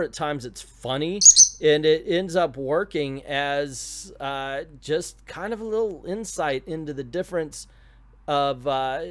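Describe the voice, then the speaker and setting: A middle-aged man giving a casual, blunt comic book review, full of strong opinions and mocking asides. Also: on the high side.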